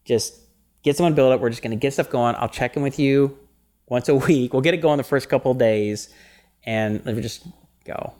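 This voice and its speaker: A man co-hosting a casual podcast chat, animated and rambling, often breaking into laughter. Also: medium pitch, moderate pace. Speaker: podcast co-host.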